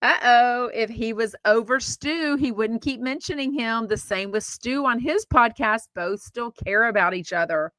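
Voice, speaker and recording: A woman's voice: on the high side, moderate pace, few pauses, fairly bright tone, dry recording. A woman from Texas hosting a podcast, chatting casually and reading out comments in a rambling way with fillers and restarts. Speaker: podcast host. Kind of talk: casual live-stream chat, reading comments.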